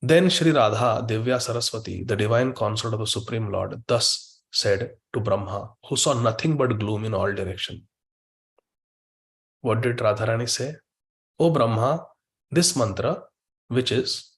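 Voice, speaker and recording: A low, gravelly-voiced man teaching a devotional scripture class. He talks emphatically and repeats words to drive his points home. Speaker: spiritual teacher. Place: online meeting room.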